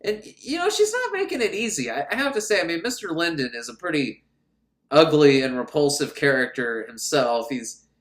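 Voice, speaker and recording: A man's voice: a little high, big pitch swings, normal speed. A man giving a rambling, profane, sarcastic comic recap of a film. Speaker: film reviewer. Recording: echoey room.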